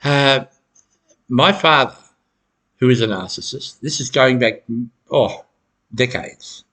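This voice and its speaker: Middle-aged man, husky mid-pitched voice, halting advice monologue with chuckles. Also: a bit bright. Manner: halting, repeats words, chuckles often. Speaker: self-help educator.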